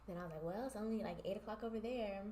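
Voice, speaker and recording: A woman's voice: mid-range voice, rapid-fire, warm tone. A woman co-hosting a podcast in casual chat, telling personal stories and acting out both sides of the conversations. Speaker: podcast co-host. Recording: echoey room.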